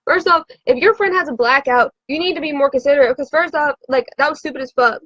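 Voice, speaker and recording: Woman, high voice, tipsy, profane, rambling livestream confessional; dry, dull lo-fi recording. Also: quick pace, dry recording. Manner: profane, rambling, frantic storytelling. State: drinking.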